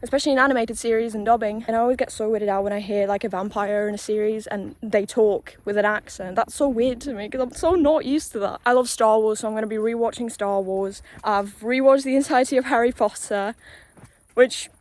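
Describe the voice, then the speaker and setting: A young woman from Poland, a native Polish speaker with British-tinged English, rambles casually and swears as she walks along a quiet rural road, holding her phone. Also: fairly high pitch, fairly even intonation, fairly quick. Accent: British-tinged English with a Polish background. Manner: chatty, loose and sweary, with frequent "like" fillers. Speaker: vlogger. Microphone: handheld phone while walking.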